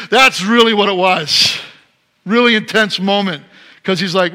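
A middle-aged man preaching a sermon as pastor, swinging between loud emphatic passages and soft quiet ones. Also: sits high, moderate pace.

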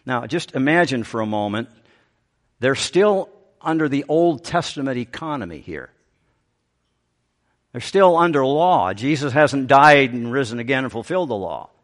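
A male pastor delivering a sermon in an animated, expressive way. His pitch moves widely, climbing on emphatic points and sinking to a near hush on tender lines. The voice sits in a middle register for a man. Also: normal speed. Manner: animated preaching, voice rising and dropping to a hush.

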